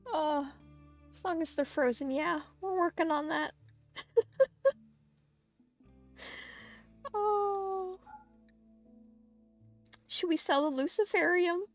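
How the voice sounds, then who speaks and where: A woman with an extremely high voice livestreams a game at a slow pace, pausing often over soft background music. She chats casually and giggles a lot, talking to herself and her viewers as she plays.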